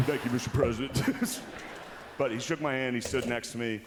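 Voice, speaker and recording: A man's voice: mid-range voice, steady tone, quick pace, background noise. A man doing a stand-up monologue as an awards show host, delivering dryly and slipping into exaggerated impressions on a large arena stage. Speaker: comedian hosting an awards show.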